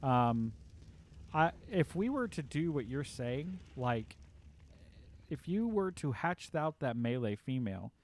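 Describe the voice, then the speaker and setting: A man's voice: mid-range voice, big pitch swings, takes it slowly, a little mellow. Rambling man streamer, lots of fillers. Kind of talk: casual livestream chat.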